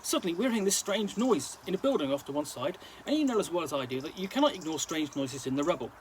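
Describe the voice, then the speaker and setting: Lively, high-pitched man reading a story. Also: quick pace, a little hiss or hum, poor audio. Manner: lively storytelling, now and then stumbling over words. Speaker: reader. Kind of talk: story reading in a present-tense gangster-slang voice.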